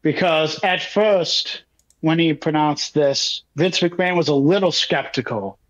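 A man's voice: on the high side, measured pace, a bit bright, dull audio. A man co-hosting a podcast in a wry, casual recap chat. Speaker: podcast co-host.

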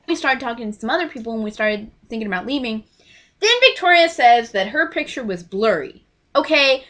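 A young woman from Texas telling an excited story to her camera, gushing and acting out everyone's lines. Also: a little high. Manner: gushing, breathless, acts out quoted voices. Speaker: vlogger.

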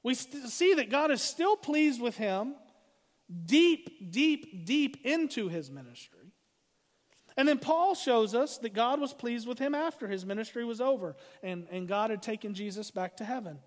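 A man preaching a sermon as pastor, emphatic and slowing down to read scripture. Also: very high-pitched, lively intonation, in a large hall.

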